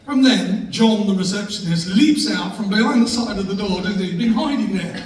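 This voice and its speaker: A man's voice: sits high, a little fast. A man giving a humorous speech to a live audience, telling jokey anecdotes about his wife and laughing along as he goes. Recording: echoey room from far off, faint noise.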